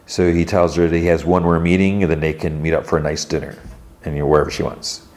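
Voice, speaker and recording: A man's voice: very deep voice, flat delivery, quick pace, darkish tone. A man hosting a podcast, casually retelling a TV episode scene by scene and acting out bits of dialogue. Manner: retells scenes loosely, acting out characters' lines. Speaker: podcast host.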